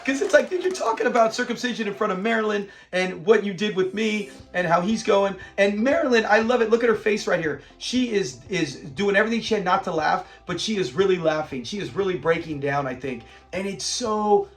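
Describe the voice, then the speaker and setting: A man's voice: sits high, lively intonation, brisk, few pauses, soft background music. A middle-aged man casually reviewing a sitcom episode, retelling scenes with laughter. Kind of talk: casual commentary.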